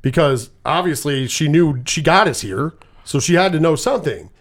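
A man with a slightly raised pitch talks through a movie plot in a loose, casual chat. He curses often and rambles, acting out the characters' lines as he goes. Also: expressive, normal speed. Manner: profane, rambling storyteller.

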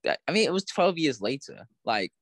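Animated man on a dry mic. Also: fairly high pitch, fairly quick, no echo. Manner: animated, acts out scenes in silly voices, laughs often. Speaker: podcast co-host. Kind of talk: casual film review chat.

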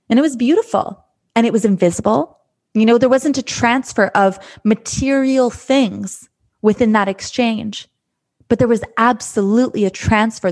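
Earnest woman coach musing gently. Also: a little high. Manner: gentle, earnest, repeats phrases. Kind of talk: reflective spoken monologue.

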